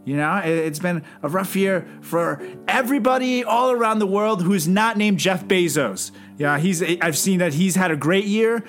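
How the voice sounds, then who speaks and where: A man's voice: high-pitched, normal speed, hardly any pauses, a bit bright, faint music behind. A man co-hosting a comedy podcast, teasing his partner in a sarcastic, mock-formal way. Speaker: podcast co-host. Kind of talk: casual comedic chat.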